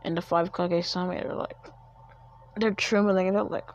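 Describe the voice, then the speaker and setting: A woman's voice: fairly low pitch, fairly even intonation, normal speed. A woman casually improvising a fan story, rambling and correcting herself as she goes. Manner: rambling, with restarts and self-corrections. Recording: dull lo-fi recording.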